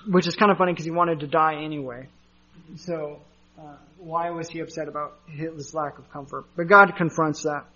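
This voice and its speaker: A man's voice: fairly high pitch, bright, forceful tone, dull audio. A man preaching a sermon as a pastor, conversational with asides and fillers.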